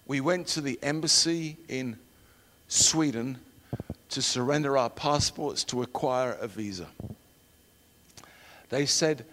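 A middle-aged man preaching a sermon and telling personal stories, shifting from loud emphatic declarations to hushed storytelling. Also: medium pitch, slow, pauses often, a little hiss or hum. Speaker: preacher and missionary trainer. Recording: long hall reverb.

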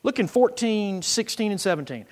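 A man preaching a sermon, swinging from quiet asides to loud, emphatic scripture reading. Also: high voice, expressive, moderate pace. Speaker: pastor. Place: church sanctuary. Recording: echo with long reverb in a church.

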